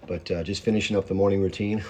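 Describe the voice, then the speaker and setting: A man hosts a casual livestream from home on his phone, rambling and greeting viewers by name as comments arrive, all while chewing. He calls himself a hyped-up talker and speaks fast in a low voice with fairly even intonation. Background noise is audible.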